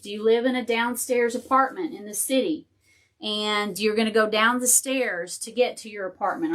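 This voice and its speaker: A woman's voice: mid-range voice, moderate pace, fairly bright tone. Chatty woman crafting live. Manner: chatty, thinking aloud while working, talks to viewers and her dog. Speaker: crafting tutorial host. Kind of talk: casual live crafting tutorial.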